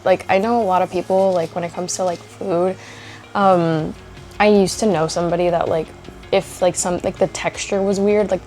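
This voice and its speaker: A woman in her twenties vlogs from home, chatting casually and rambling with lots of "likes" and little laughs. Her voice is mellow and fairly low in pitch.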